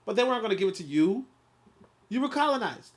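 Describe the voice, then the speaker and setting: Male host, slightly high voice, reads a book aloud and riffs on it with casual, animated commentary. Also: fast talker. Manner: animated, repeats filler words, gets loud and laughing when riffing.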